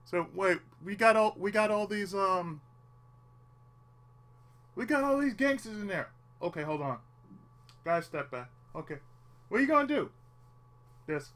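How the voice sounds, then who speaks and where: A man's voice: high-pitched, sing-song, a little slow, pauses often, fairly bright tone. A man hosting a casual chat with friends, joking, swearing freely and acting out little scenes. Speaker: podcast host. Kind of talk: casual banter among friends.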